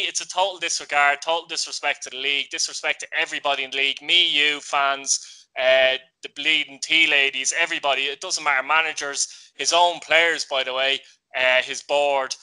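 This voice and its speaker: A man with an Irish accent hosting a football vlog, talking indignantly in quick, broken phrases. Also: on the high side, bright, forceful tone, smooth, rough recording. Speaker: vlog host. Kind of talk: casual football chat.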